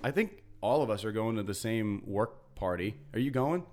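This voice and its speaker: A man's voice: lowish voice, expressive, moderate pace, background noise. A man with a Rhode Island accent hosting a casual podcast chat, upbeat and full of fillers. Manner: upbeat, laughs often, many fillers. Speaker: podcast host.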